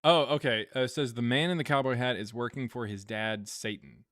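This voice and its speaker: A man's voice: mid-range voice, measured pace, pauses often, fairly bright tone. Rambling, chuckling live-stream host man. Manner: rambling, with many fillers and frequent chuckles. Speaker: live stream host reading viewer donations. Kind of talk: casual live-stream chat.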